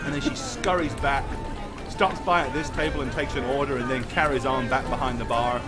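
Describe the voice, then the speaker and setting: A man's voice: medium pitch, brisk. A man narrating a tabletop game as game master, in a casual, chatty way. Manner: casual, chatty, thanks viewers. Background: background music.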